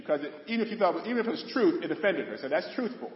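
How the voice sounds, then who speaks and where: A man's voice: high-pitched, wildly swooping pitch, moderate pace, pauses often, muffled recording. Man preaching in an echoey hall. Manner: folksy, joking with the congregation. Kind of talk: sermon.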